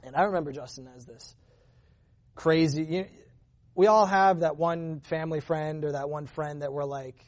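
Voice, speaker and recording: Man telling a personal testimony, slightly high voice. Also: moderate pace. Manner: earnest, conversational, with frequent restarts and fillers. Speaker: church member giving a testimony.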